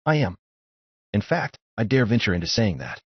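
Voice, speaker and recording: A man voicing a cryptic, calm young male ninja who talks down casually, on a dull lo-fi recording. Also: lowish voice, moderate pace, breathy edge, no room sound.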